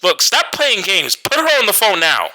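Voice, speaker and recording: A man's voice: medium pitch, animated, measured pace, sharp tone, dry recording, pitched above the performer's own voice. A man voicing a frightened mother on the phone, her questions tense and panicked. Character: panicked mother of a missing girl.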